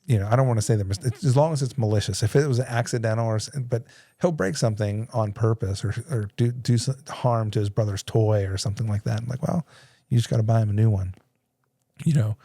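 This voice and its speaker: A man's voice: fairly low pitch, fast, dark tone, no echo. A man in his thirties hosting a casual studio talk, telling a story with lots of laughter and acted-out voices. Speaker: podcast host. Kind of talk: casual conversation.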